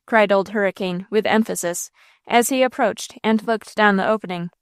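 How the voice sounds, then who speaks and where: A woman narrating a classic novel aloud in a measured, expressive way on a close mic. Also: mid-range voice, clean tone, no echo. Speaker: audiobook narrator. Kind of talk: scripted audiobook narration.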